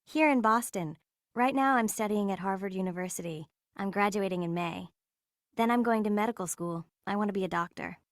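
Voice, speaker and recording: A woman's voice: mid-range voice, a little fast, dry recording, clean studio sound, lightly acted. A woman with an American accent playing a polite young university student in a scripted textbook dialogue. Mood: pleasant. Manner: polite, clear answers.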